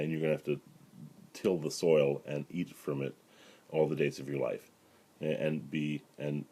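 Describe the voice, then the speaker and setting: A middle-aged male rabbi giving a relaxed spoken Bible lesson, with lots of fillers and "right?" asides to his listeners. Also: very deep voice, slightly rough. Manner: conversational, many fillers and "right?" asides, paraphrases dialogue. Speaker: rabbi teaching the weekly Torah portion.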